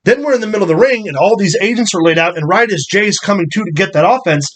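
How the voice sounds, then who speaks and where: A man's voice: high voice, expressive, fast. A man co-hosting a casual wrestling review, blunt and opinionated, swearing casually. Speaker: podcast co-host.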